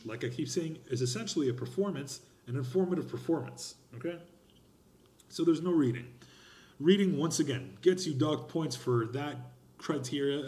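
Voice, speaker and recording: A man teaching a college speech class, explaining grading criteria in an emphatic, expressive lecture style. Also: a little high, echoey room. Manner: emphatic and expressive, lively gestures. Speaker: college instructor.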